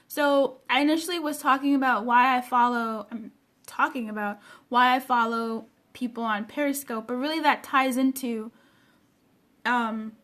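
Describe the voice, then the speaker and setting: A woman's voice: steady tone, normal speed, fairly bright tone. A young woman coach chatting on a livestream, greeting viewers by name with bubbly, gushing enthusiasm. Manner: bubbly, gushing greetings with big pitch jumps. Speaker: personal development coach livestreaming.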